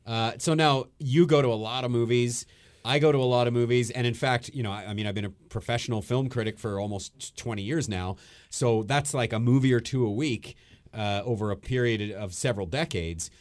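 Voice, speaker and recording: A man hosting a podcast, a film critic, talking in a relaxed conversational way with some filler words. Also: medium pitch, a little fast. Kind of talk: casual chat.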